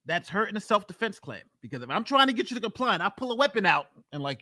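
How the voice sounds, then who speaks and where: A man, a lawyer, giving blunt, emphatic reaction commentary and thinking out loud about a trial. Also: sits high, big pitch swings, fast talker, no room sound.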